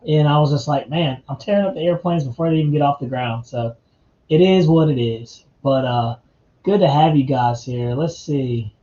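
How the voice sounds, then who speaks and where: Male livestream host, easygoing chatter, slightly high, mellow tone, echoey home setup. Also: moderate pace, dull audio. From North Carolina, US. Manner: laid-back, chatty, calls viewers man and dude. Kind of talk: casual live chat.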